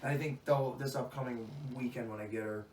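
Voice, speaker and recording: A young man co-hosting a podcast, telling stories in a crude, laughing, animated way. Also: medium pitch, fairly quick, slight background noise. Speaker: podcast co-host. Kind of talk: casual chat, storytelling. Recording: echoey room, distant mic, faint music.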